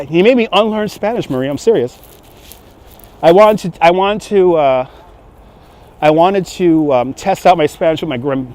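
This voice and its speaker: A man's voice: high-pitched, a little mellow. A man with a light New York accent giving a casual livestream walking tour outdoors, chatting with viewers' comments as he goes. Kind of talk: casual live-stream chat while walking. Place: city streets outdoors. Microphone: handheld phone on gimbal.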